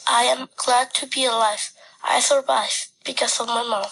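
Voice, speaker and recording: A woman reads a first-person story aloud with a high, bright voice. Her delivery is simple and earnest, in short sentences. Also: steady tone, moderate pace, vocal fry, rough recording.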